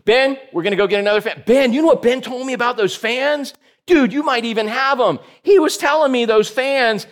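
High-voiced joking pastor. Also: male voice, expressive, fairly quick, fairly bright tone. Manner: jokey, teasing listeners by name, playful asides. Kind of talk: casual joking sermon to a small group.

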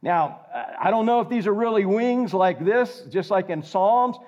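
An older man preaching a sermon, animated and jokey, quizzing the congregation. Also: high voice, unhurried. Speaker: pastor. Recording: slightly dull lo-fi recording.

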